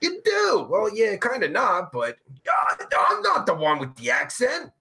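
A man with a New Jersey accent hosting a casual live-stream chat, crude and profane, joking with loud outbursts. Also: high-pitched, wildly swooping pitch, a little slow. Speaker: live show host.

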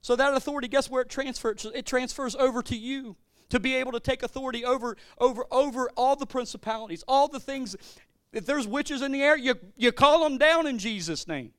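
A man preaching from the pulpit with a high-pitched voice, his delivery lurching between forceful proclamations and hushed, chatty storytelling. He often stumbles and restarts his phrases. The sound is close and dry. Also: brisk, smooth, no echo. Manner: animated, swings between loud declarations and quiet storytelling, stammering restarts. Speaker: pastor. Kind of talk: sermon.

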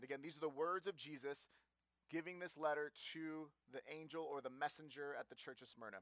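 A man's voice: a little high, steady tone, fairly quick, a bit bright, no echo. Conversational male pastor preaching. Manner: conversational, self-deprecating, with fillers and restarts. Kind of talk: sermon.

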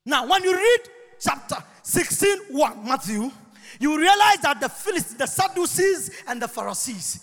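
A man preaching a lively sermon in a church, shouting, chanting and singing out phrases. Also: very high voice, moderate pace. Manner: shouts and chants, sings phrases, mimics people. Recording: long reverb of a church hall.

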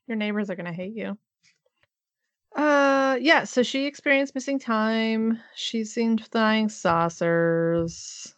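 A woman's voice: a little high, slow pace, pauses often, no echo. A woman co-hosting a podcast over a remote call, chatting casually about a documentary and giggling often. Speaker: podcast co-host. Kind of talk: casual chat reviewing a documentary.

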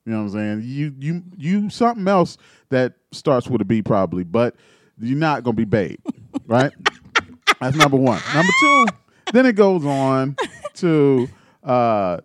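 A man's voice: medium pitch, sing-song, unhurried, fairly bright tone, no echo, studio quality. A man co-hosting a casual chat show, reading posts aloud with joking asides. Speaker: podcast co-host.

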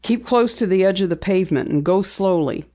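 A woman reader voicing a gruff middle-aged male newspaper editor who asks brisk, pointed questions. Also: medium pitch, animated, dark tone, lo-fi sound, close to an everyday voice.

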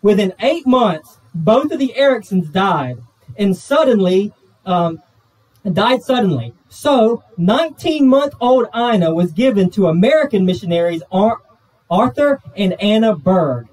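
High-voiced Southern pastor telling a story. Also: male voice, expressive, darkish tone. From Georgia, US. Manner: earnest, slows and drops low for emotional moments. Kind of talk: sermon storytelling. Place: church sanctuary. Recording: voice from a distance off the pulpit mic.

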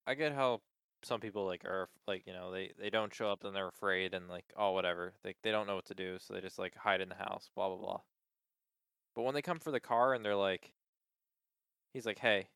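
Casual co-host, male, low and resonant, chatty storyteller, dry close sound. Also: brisk, vocal fry, smooth, no echo. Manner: animated storyteller, acts out quoted people in high voices, heavy use of "like". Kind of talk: casual chat.

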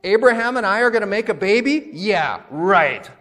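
A man's voice: high-pitched, expressive, normal speed, sharp tone, big-room sound, pitched above the performer's own voice. A man voicing a scoffing, weary elderly woman in a sermon, with a sarcastic, disbelieving tone. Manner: incredulous, sarcastic.

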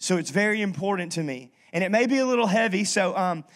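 A man preaching a sermon in a notably high voice. He keeps it humorous and chatty, often restarting his sentences. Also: animated, quick pace, fairly bright tone. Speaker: pastor.

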